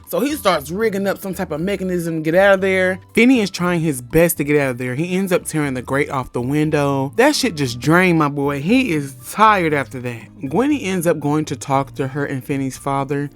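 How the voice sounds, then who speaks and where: A woman's voice: sits low, moderate pace, few pauses, faint music behind. A woman giving a comedic movie recap, blunt and profane with wry asides.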